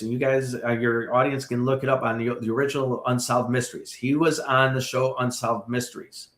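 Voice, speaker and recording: A man tells a ghost story as a podcast guest, animated and full of asides to the listener. His voice sits in a middle pitch. The recording has a noticeable room echo. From Chicago area. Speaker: paranormal tour guide, guest.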